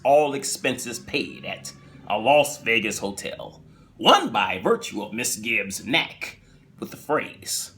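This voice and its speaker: A man's voice: medium pitch, bright, forceful tone, heavily acted. A man imitating a grave TV anthology narrator. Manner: slow, deliberate, dramatic delivery. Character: grave male TV anthology narrator, measured and ominous.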